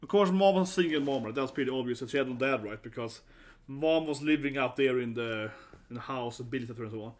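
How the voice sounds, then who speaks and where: A man's voice: medium pitch, fast. A man giving live reaction commentary, laughing often and exclaiming, tagging his lines with "right?" and "man". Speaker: reaction video host.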